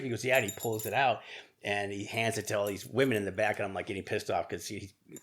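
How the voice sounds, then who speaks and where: A middle-aged man with a low voice tells his own story in a casual interview. He talks frankly and profanely. He often stumbles over his words and restarts his sentences. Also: steady tone, fairly bright tone. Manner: candid, profane, halting with restarts and laughs. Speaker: podcast guest.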